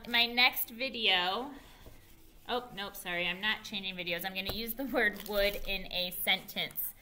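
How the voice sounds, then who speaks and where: A woman teacher giving an early reading lesson to young children, spelling words out slowly and praising them. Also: mid-range voice, sharp tone. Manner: slow, clear spelling aloud and encouraging praise. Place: school.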